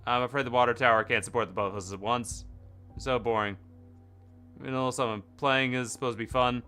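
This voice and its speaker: A young man streaming a game, reading the characters' lines aloud and breaking off into loud, excited chatter with his viewers. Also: mid-range voice, fairly quick, clear, resonant tone, soft background music.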